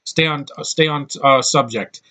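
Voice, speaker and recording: A man's voice: fairly high pitch, normal speed, bright, forceful tone. A man giving a casual, rambling film review with blunt opinions and lots of restarts.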